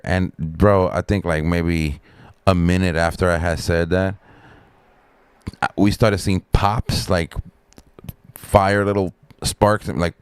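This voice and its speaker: A middle-aged man rambling through a profane story on a casual live stream, with lots of fillers and a sharply higher voice when he quotes other people. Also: fairly even intonation, a little slow, pauses often, clean tone, no echo. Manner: raises pitch sharply when quoting others.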